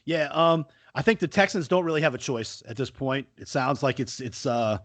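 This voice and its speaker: A man co-hosting a casual sports podcast, talking in a lively way full of rhetorical questions. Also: mid-range voice, normal speed, no room sound. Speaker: podcast co-host.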